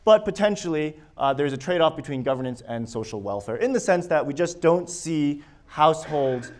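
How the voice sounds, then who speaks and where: A man's voice: fairly high pitch, expressive, moderate pace. A man giving an academic research presentation at a conference. He walks listeners through his slides and often restarts his sentences. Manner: hesitant, with frequent restarts and fillers. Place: conference session room.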